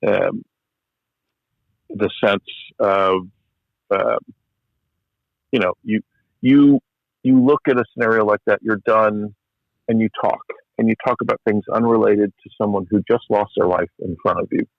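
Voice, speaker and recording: Middle-aged male physician guest, reflective and candid, slightly low voice, close dry mic. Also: steady tone, unhurried, vocal fry, long pauses, dry recording. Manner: candid, reflective, self-deprecating. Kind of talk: conversational podcast storytelling. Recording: slightly muffled podcast audio.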